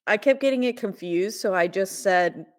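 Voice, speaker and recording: A woman's voice: mid-range voice, normal speed. A woman co-hosting a podcast, recapping a horror movie in casual chat, rambling with fillers and laughs. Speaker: podcast co-host.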